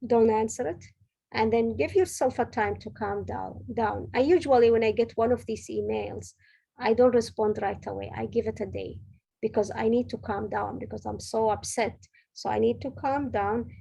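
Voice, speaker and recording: On a poor recording, a middle-aged senior director speaks in a creaky, husky voice that is slightly high and warm in tone. Her motivational talk is earnest and direct, full of workplace advice for women, and she keeps correcting herself as she goes.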